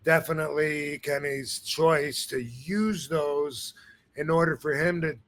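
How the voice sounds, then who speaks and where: A man's voice: a little high, slow, fairly bright tone. A man hosting a podcast in casual chat, rambling with many fillers and restarts. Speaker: podcast host.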